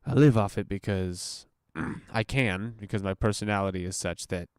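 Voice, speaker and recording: A man's voice: fairly low pitch, moderate pace, darkish tone, clear, resonant tone, dry recording, clean studio sound. Crude, rambling young podcast guy. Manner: crude, profane and self-mocking, laughing at own jokes. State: high while recording. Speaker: solo podcast host. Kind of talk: rambling solo podcast monologue. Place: home, sitting on the floor. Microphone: computer mic.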